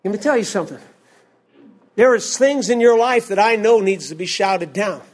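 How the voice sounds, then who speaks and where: An older man, a preacher, delivering a fervent sermon, often shouting and repeating his lines in rhythm. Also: sits high, moderate pace.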